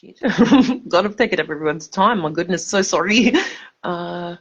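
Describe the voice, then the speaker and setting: A woman's voice: fairly low pitch, normal speed, breathy edge, muffled recording. A drunk woman, rambling and swearing emphatically on a livestream, stumbling over her words.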